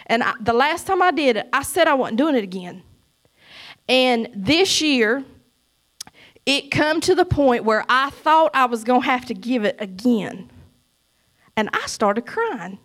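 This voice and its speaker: A middle-aged woman giving a church testimony, emphatic and preachy, swinging between loud cries and soft asides. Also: high voice, lively intonation, unhurried.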